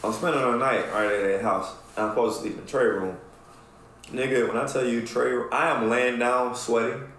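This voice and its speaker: A man on a podcast telling a long, profane story in a casual, animated way, acting out what people said. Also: medium pitch, moderate pace. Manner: animated, profane storyteller who acts out quotes. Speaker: podcast co-host. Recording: echoey room with faint ambience.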